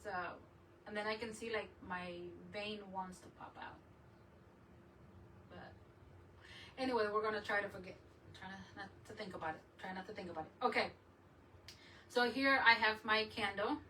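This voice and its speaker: Bright, chatty woman a bit off-mic. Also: mid-range voice, normal speed, pauses often, recorded from a distance, slight background noise, poor audio. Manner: rambling, chatty, laughs often. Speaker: crafting channel host. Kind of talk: casual live chat while crafting.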